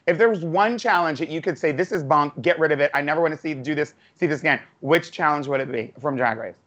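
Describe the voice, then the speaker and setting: A high-voiced man hosting a podcast with a playful, teasing energy. He keeps the casual chat moving along. The audio sounds dull and lo-fi. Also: fast, a bit bright. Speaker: podcast host.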